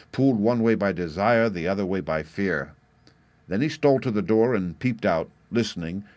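Low-voiced male audiobook narrator. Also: no echo. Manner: expressive, wry, animated in dialogue. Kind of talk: first-person audiobook narration.

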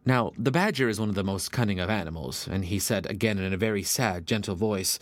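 A man narrating a storybook folktale in a steady, measured way. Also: fairly low pitch, dry recording.

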